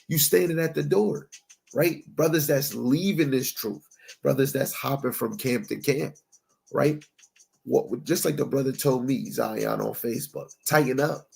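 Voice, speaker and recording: Speaking unhurriedly with a creaky, slightly mellow, medium-pitched voice, a man preaches a conversational Bible teaching. He's emphatic, uses street slang, keeps checking in with "right?", and reads scripture in old-fashioned phrasing.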